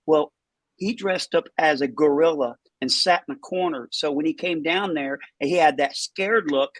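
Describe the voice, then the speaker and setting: A man's voice: on the high side, moderate pace, dry recording. A man hosting a casual chat, with chatty, encouraging interjections. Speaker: host.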